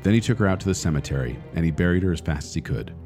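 A man podcast host reading a spooky children's story aloud in a deliberate manner that builds suspense. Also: low voice, expressive, a little mellow, faint music behind.

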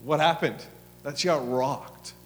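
A male pastor with a fairly high voice tells a story from the pulpit, animated and acting out the lines he quotes. His voice rings through a large hall with long reverb. Soft music plays faintly behind him. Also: measured pace. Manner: animated storytelling, acts out his own and God's lines, drops to hushed prayer. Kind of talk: sermon with storytelling and prayer. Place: church hall.

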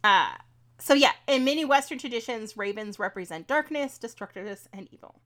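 A woman's voice: mid-range voice, a bit bright. A woman co-hosting a podcast in casual chat, reading folklore notes with many ums and laughing at her own mispronunciations. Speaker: podcast co-host.

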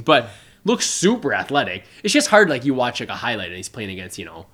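A man's voice: mid-range voice, sing-song, fast talker, a bit bright. A man co-hosting a podcast, talking casually about sports with a lot of fillers and restarts. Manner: rambling, conversational, many fillers. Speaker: podcast co-host.

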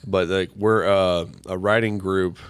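A man co-hosting a podcast in casual chat, a chaplain who talks in a laid-back, rambling way and trails off softly. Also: deep voice, fairly even intonation, measured pace, clear, resonant tone, no echo. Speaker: podcast co-host, chaplain of a riding group.

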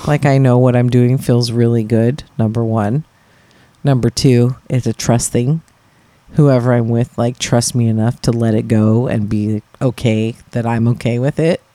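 A man's voice: mid-range voice, fairly even intonation, measured pace, mellow, no echo. A man chatting casually and frankly, joking and laughing often. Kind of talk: casual chat.

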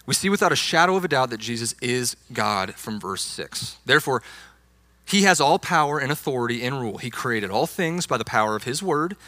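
A man's voice: medium pitch, sharp tone, no echo. A young adult man, a youth pastor, preaching a sermon with emphatic, insistent stress on key words.

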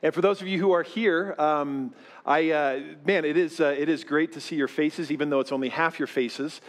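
A man's voice: a little high, fairly even intonation, moderate pace. A man of fifty preaching a sermon as pastor to his church, talking in a loose, self-deprecating way with many fillers. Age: 50s. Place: church sanctuary with live congregation.

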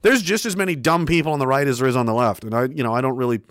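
A man's voice: medium pitch, rapid-fire, no echo, clean studio sound. A man giving a heated, profane commentary that rambles with restarts. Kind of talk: casual political rant.

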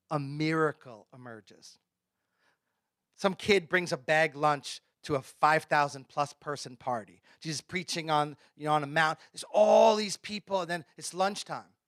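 A male pastor preaching a sermon in a conversational way, often dropping his voice to a near hush for emphasis. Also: fairly high pitch, lively intonation, measured pace, no room sound, clean studio sound.

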